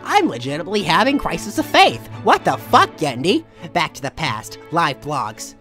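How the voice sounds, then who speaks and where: A woman's voice: low voice, huge pitch swings, normal speed, soft background music. A woman doing dramatic comedic readings of online posts with exaggerated outrage. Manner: exaggerated, outraged, shifting loudness. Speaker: comedy reader.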